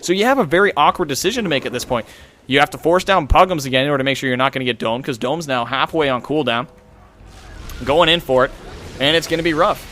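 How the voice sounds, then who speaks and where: Fast, excitable young male game caster. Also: a little high, slight background noise. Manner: rapid, excitable play-by-play calling. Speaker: esports caster. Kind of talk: play-by-play game commentary.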